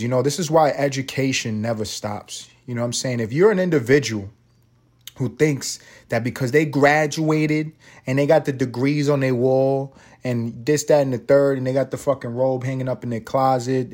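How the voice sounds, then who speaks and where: A man's voice: medium pitch, a little mellow. A man hosting a solo podcast, telling a rambling, profane story full of tangents. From Puerto Rico. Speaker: podcast host.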